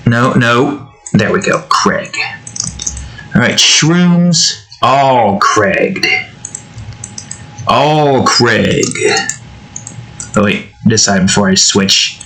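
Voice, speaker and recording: A man's voice: mid-range voice, lively intonation, very slow, pauses often, pushed and bright, low-quality recording. Man rambling while he draws. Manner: rambling, muttering to himself. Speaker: digital artist. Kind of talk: casual narration while drawing.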